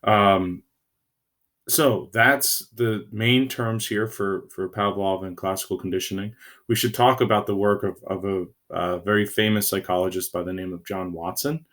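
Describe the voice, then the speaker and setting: A man teaching a recorded lecture to his students, halting and full of fillers, often checking in with "right?". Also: low voice, steady tone, fairly bright tone. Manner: halting, many fillers and restarts.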